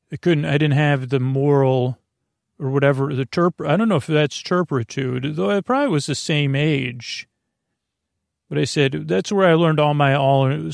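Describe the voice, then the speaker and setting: A man hosting a sleep podcast, telling meandering, self-deprecating stories with many restarts and fillers in a creaky voice. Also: mid-range voice, a little mellow, dry recording, clean studio sound. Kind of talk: rambling bedtime monologue.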